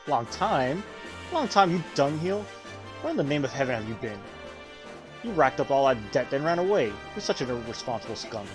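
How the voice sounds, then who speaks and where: A man's voice: medium pitch, very animated, moderate pace, music in the background, natural voice. A man reading the lines of an angry young woman knight who scolds and name-calls her runaway brother. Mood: scolding. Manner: sharp scolding, name-calling.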